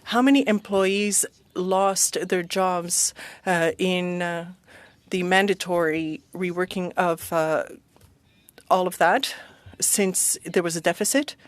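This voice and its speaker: A woman simultaneously interpreting a parliamentary committee hearing, steady and even, with frequent hesitations. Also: fairly low pitch, slow, no echo.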